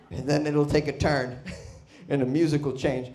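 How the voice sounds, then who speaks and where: A man doing a stand-up comedy set, brash and profane, bursting into loud shouts. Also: mid-range voice, level tone, brisk. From Boston. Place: comedy club stage.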